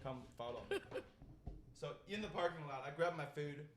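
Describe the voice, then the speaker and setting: A man's voice: on the high side, moderate pace, slight background noise. A young man from China, a comedian telling a story in casual, profane talk with many restarts. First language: Chinese. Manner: animated, profane, frequent restarts. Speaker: comedian guest.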